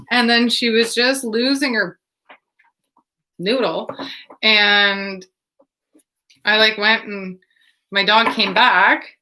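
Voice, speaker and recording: A woman reading oracle cards and telling casual stories in an animated way, swearing freely and laughing along. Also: a little high, slow, pauses often, low-quality recording. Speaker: tarot reader.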